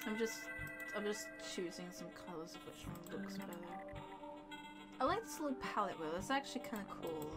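A woman's voice: medium pitch, brisk. Giggly woman hosting a gaming chat. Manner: giggly and excitable. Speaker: channel host. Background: clear game music.

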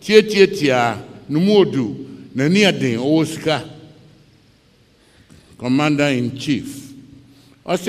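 Ghanaian pastor, high voice, slow and dramatic storytelling sermon, big echoey hall. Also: male voice, lively intonation. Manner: dramatic storytelling preacher, acts out scenes.

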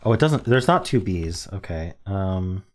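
A man's voice: sits low, lively intonation, a little slow. Man muttering word guesses aloud. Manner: muttering guesses, self-deprecating, mock-dramatic. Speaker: word game streamer. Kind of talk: casual thinking aloud while playing.

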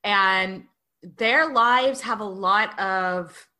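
A woman's voice: mid-range voice, drawn-out words, sharp tone. A woman co-hosting a podcast, chatting casually and laughing often. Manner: chatty and giggly. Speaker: podcast co-host. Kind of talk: casual chat.

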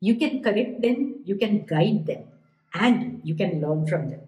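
A woman co-hosting a podcast in casual chat, animated and lively, often acting out the voices of parents. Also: mid-range voice, unhurried. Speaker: podcast co-host. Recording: echoey room.

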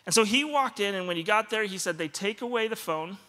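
A man's voice: high-pitched, animated, fairly quick, sharp tone. A man, a pastor, giving a sermon, telling self-deprecating stories with humor and acting out dialogue. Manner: self-deprecating, comic storytelling with acted-out dialogue. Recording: long reverb of a large hall.

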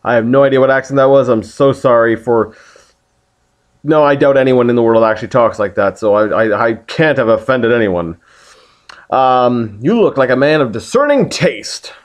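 A man's voice: medium pitch, moderate pace, smooth. A man hosting a casual video game playthrough, joking around and reading the game text aloud. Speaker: let's play host.

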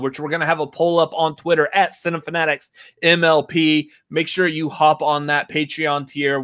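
A man's voice: on the high side, a bit bright. A man hosting a casual movie podcast, rambling and playful and often laughing. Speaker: podcast host. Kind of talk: casual chat.

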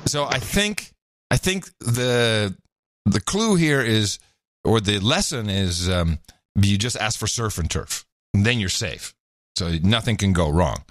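A man's voice: fairly low pitch, animated, takes it slowly, a bit bright, no echo. A man co-hosting a podcast, chatting and laughing in an upbeat way. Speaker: podcast co-host. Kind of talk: casual podcast chat.

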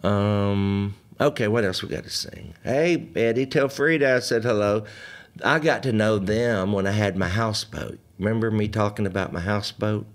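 A man's voice: fairly low pitch, normal speed. An older man, hosting a live stream in a folksy, joking way and chatting with viewers. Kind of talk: casual live-stream chat and hymn singing.

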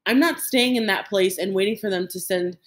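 A woman voicing a determined young refugee boy who speaks in a quiet, resolute way. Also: medium pitch, fairly quick, close to an everyday voice.

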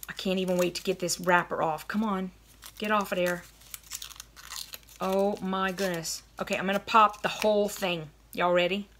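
A young woman chatting in a gushing, excited way while unboxing snacks for her viewers. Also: mid-range voice, moderate pace, a little hiss or hum. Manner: gushing and chatty, lots of oh my goodness. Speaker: vlogger unboxing a snack box. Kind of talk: casual chat.

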